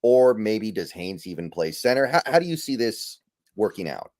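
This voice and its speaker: A man's voice: lowish voice, sing-song, moderate pace, darkish tone, no echo, studio quality. A man hosting a casual podcast, easygoing and thinking aloud with trailing fillers as he runs through picks. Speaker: podcast host.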